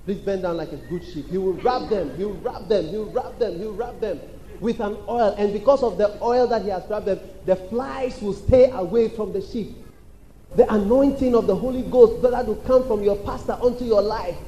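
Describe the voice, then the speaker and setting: A high-voiced man preaches with insistent repetition, calling on the congregation and shouting out quoted voices. His tone is mellow rather than bright. The sound is roomy, with a faint hum in the church hall behind him. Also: normal speed, dull audio. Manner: emphatic, repetitive preaching with call-and-response. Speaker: pastor. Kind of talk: sermon. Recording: echoey church hall with faint background noise.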